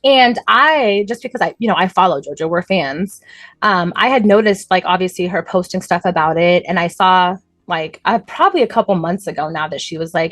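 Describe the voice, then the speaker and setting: A woman co-hosting a podcast, telling stories in an animated, chatty way and laughing often. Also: on the low side, brisk, dry recording. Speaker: podcast co-host. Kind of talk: casual chat.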